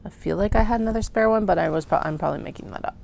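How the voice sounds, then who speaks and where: A woman's voice: fairly low pitch, very fast, vocal fry, darkish tone, slight background noise. A woman chatting to herself while cutting fabric in her studio, casual and self-mocking. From Canada. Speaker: craft maker. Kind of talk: casual work-along vlog narration. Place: home sewing studio.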